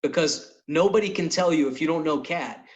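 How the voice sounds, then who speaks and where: Animated male comic telling stories. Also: a little high, normal speed, poor audio. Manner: animated storyteller, acts out quotes. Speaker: podcast host and comedian. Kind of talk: casual storytelling.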